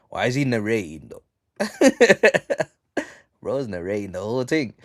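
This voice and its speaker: A man casually recapping a manga chapter on a live stream, slangy and full of ums, reading the quotes out flat. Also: medium pitch, slow, long pauses, no room sound, clean studio sound. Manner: slangy, reads out quotes flatly, many ums.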